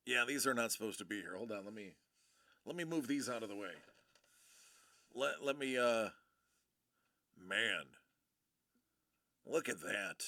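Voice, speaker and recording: Man, live streamer, gravelly, bright tone, casual rambling chat. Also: fairly low pitch, animated, unhurried, pauses often. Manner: laid-back, rambling, greets viewers by name. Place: California home studio.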